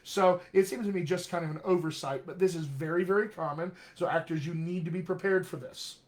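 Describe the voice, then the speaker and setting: A man's voice: high-pitched, fairly quick. A man coaching actors in a live-streamed talk, direct and encouraging, often checking in with "all right?". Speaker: dialect coach.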